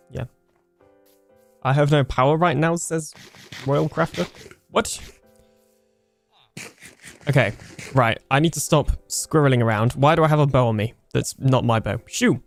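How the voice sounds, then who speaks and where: A man's voice: mid-range voice, lively intonation, moderate pace, creaky, pauses often, dry recording. Young British male streamer, casual and chatty, laughs easily, reads chat aloud, faint music behind. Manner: chatty, laughs often, trails off mid-sentence. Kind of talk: casual live-stream chat reading comments.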